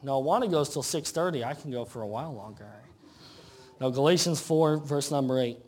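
A pastor preaching a conversational sermon, asking rhetorical questions and reading scripture slowly. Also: male voice, mid-range voice, a little mellow. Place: church sanctuary.

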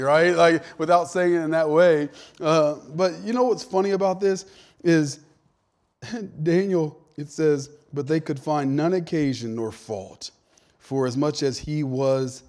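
A pastor preaching a conversational sermon in a church, joking with his congregation and swinging from hushed to loud. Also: on the high side. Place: church with a sound system.

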